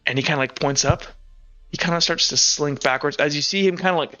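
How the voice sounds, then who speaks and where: A man's voice: a little high, fast, pushed and bright, lo-fi sound, soft background music. A man running a tabletop game as game master, narrating casually with lots of filler words.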